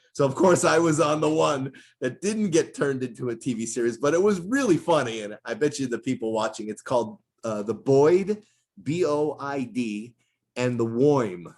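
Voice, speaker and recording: A middle-aged man, a voice actor, telling stories in a casual interview and slipping into character voices. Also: medium pitch. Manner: animated storyteller who drops into character voices.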